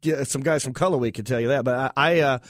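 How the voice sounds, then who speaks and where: A man's voice: medium pitch, quick pace, dry recording, clean studio sound. A man with a Southern US accent, a comedian talking casually in an interview, with frequent restarts and laughs. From North Carolina. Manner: chatty, many restarts, laughing. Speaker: comedian guest.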